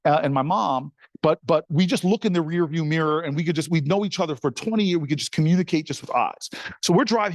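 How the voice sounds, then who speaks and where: A middle-aged man, a senator, telling an animated, folksy story straight to the crowd in a speech. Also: a little high, dry recording.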